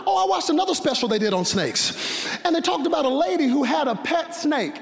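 A young man preaching a sermon, animated, asking rhetorical questions, shouting at the peaks and dropping quiet in between. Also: very high voice, brisk, gravelly. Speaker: pastor. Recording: long reverb of a large hall.

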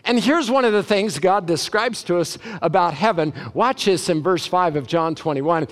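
A man preaching a sermon as a pastor, animated and emphatic, with sudden loud bursts. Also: high-pitched, moderate pace, few pauses.

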